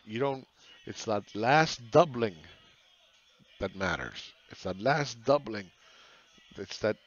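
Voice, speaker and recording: A man's voice: lowish voice, fairly bright tone, muffled recording. A man hosting a casual monologue on the economy, talking bluntly with profanity and rhetorical questions. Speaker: market analyst host.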